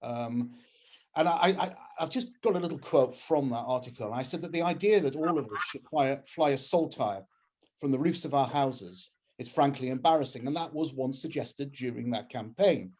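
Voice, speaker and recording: A man's voice: mid-range voice, moderate pace, darkish tone, breathy edge. An Englishman with an English accent, giving an earnest, opinionated political talk over a video call, with frequent restarts. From England. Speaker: campaigns head speaking at a webinar.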